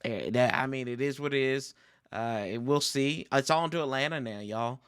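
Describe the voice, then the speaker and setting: A man hosting a fan sports stream, ranting in an exasperated, animated way and calling his viewers y'all. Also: medium pitch, moderate pace, clean tone. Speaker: sports podcast host. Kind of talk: casual fan commentary.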